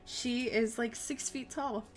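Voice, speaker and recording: Faint music plays behind a young adult woman chatting casually on a live stream, giggling, rambling and swearing freely as she answers viewers' questions. Her voice is fairly high, with fairly even intonation and a slow pace.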